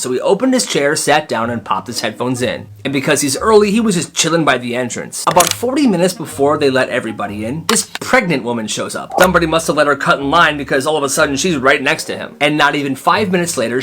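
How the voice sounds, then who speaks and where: A man's voice: a little high, noisy background. A man narrating comedic storytime skits with sarcastic asides and voices for the people in them. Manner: animated, sarcastic commentary.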